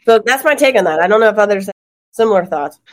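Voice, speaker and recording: A woman law professor on a podcast panel, talking in animated quick bursts and often laughing. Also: medium pitch. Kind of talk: podcast roundtable discussion.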